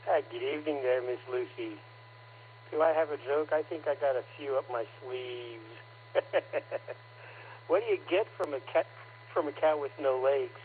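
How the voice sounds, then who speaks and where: A man's voice: mid-range voice, normal speed, long pauses. A man checking in to an amateur radio net, jovial as he tells a joke. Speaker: net caller. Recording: narrow radio audio with faint hum.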